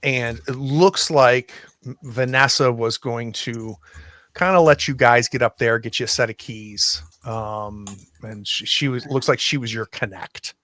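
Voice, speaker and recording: Slow, hesitant man narrating a game. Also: medium pitch, a bit bright, no echo. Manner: slow, hesitant, many ums and restarts. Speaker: game master. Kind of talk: narrating a tabletop horror game.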